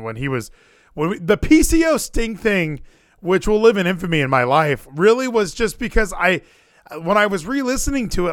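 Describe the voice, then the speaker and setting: Male co-host, high and very expressive, excitable, dry booth sound. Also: no room sound. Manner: animated, excitable, rising to near-yells. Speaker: podcast co-host. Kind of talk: casual streamed chat.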